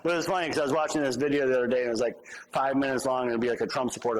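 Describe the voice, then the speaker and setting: A man's voice: medium pitch, steady tone, very fast, rough recording. A male pastor giving a conversational sermon with humorous asides.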